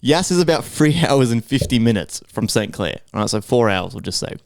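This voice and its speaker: A man's voice: mid-range voice, very animated, fairly quick, gravelly, dry recording, clean studio sound. A man with an Australian accent, casually telling a long, profane story on a podcast and acting out what people said. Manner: profane, rambling anecdote full of acted-out quotes. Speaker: podcast co-host.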